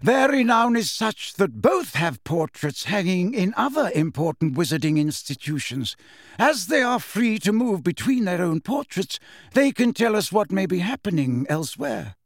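A man voicing a calm old wizard headmaster. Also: sits high, no room sound, studio quality, pitched above the performer's own voice, exaggerated voice. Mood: calm, grave. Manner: measured, quiet, grave.

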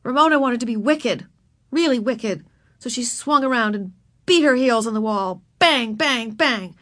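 Woman, storybook narration, expressive, bright voice. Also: a little high, normal speed. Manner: expressive, voices each character. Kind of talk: children's book read aloud.

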